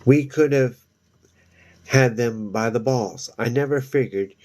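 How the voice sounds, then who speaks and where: A man's voice: medium pitch, measured pace, darkish tone, natural voice. A man voicing a brash, sneering teenage girl with a crude tongue, reading from a novel. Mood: furious.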